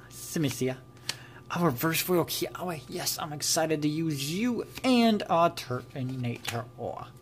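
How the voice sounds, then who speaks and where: A man's voice: on the high side, a little hiss or hum. Chatty man opening card packs. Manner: chatty, muttering card names, giggly asides. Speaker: trading card pack-opening YouTuber. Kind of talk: casual unboxing commentary.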